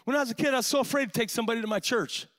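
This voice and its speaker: Male preacher, high bright voice, fiery sermon delivery, keeps saying "man". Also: very fast. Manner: impassioned, storytelling with frequent "man" fillers. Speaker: pastor.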